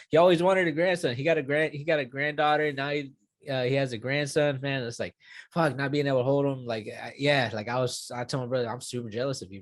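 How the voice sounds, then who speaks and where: A man's voice: medium pitch, dry recording. A young man in his twenties talking casually in an interview, rambling with many fillers and restarts and swearing now and then. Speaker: UFC fighter.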